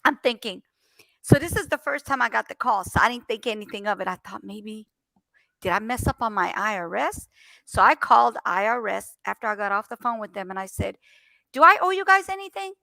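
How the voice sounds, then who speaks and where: Woman, casual chat, gravelly, dry close sound. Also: mid-range voice, brisk, no room sound. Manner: animated storyteller, acts out phone calls.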